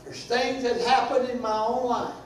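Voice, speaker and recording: An older man, a pastor preaching a sermon with impassioned, sing-song delivery that rises into shouts. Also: very high voice, flat delivery, normal speed. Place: church sanctuary. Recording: very echoey church, far from mic, faint hiss.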